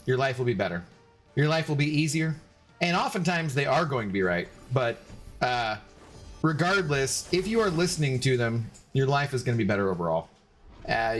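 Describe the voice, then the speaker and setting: Rambling streamer guy, slightly high voice, lots of uh and restarts, casual chat. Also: sing-song, soft background music. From Washington State, United States. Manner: rambling, halting, with many restarts.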